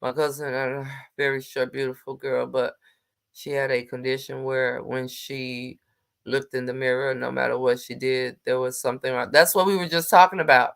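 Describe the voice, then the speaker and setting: A woman's voice: very deep voice, level tone, gravelly. Sassy woman chatting on a livestream. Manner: sassy, emphatic, talks back to comments; colloquial, drawn-out exclamations. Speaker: livestream co-host reading viewer comments. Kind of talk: casual livestream chat.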